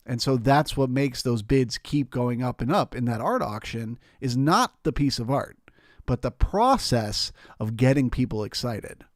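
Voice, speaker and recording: Male stream host, mid pitch, casual chart explainer, dry booth sound. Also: lively intonation, unhurried, no room sound. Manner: explanatory, talks through charts with restarts. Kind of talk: live market commentary.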